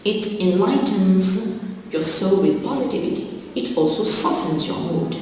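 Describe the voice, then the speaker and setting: A woman's voice: medium pitch, a little mellow, a little hiss or hum. A woman teaching an English lesson, explaining vocabulary and word forms carefully, one term at a time. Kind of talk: slow deliberate classroom explanation. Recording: very echoey hall from far off.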